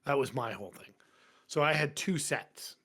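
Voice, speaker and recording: A man's voice: mid-range voice, moderate pace, husky. A man, a firefighter, telling long stories in blunt casual talk full of swearing, voicing the people in them. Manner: profane, blunt and animated. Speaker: podcast guest, firefighter. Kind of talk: casual storytelling. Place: podcast studio.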